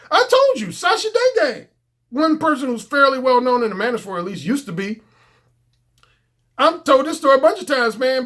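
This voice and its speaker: A man's voice: very high-pitched, fairly bright tone. Blunt, profane middle-aged man. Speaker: dating coach. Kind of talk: casual unscripted monologue.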